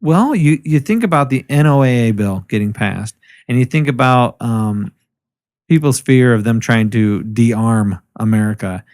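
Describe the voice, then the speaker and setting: A man's voice: mid-range voice, a little slow. A man co-hosting a podcast in casual chat, ranting with lots of swearing. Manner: profane, animated ranting. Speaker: podcast co-host.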